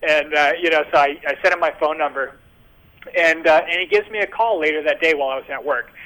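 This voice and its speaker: A man's voice: fairly high pitch, fast, low-quality recording. A man, a guest in an interview, telling a story in a casual, rambling way with many fillers and restarts, and acting out the dialogue he quotes. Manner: animated, acts out quoted dialogue.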